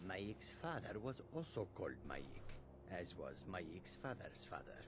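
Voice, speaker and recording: A pompous lying braggart. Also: male voice, low-pitched, very animated, a little slow, heavy background noise. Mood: boastful. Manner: grand, self-important third-person speech. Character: boastful lying middle-aged man who speaks of himself in third person.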